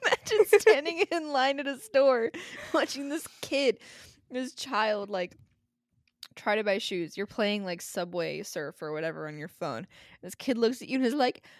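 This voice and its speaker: A woman co-hosting a podcast in casual chat, sarcastic and deadpan, with swearing. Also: a little high, normal speed, no room sound, studio quality. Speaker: podcast co-host.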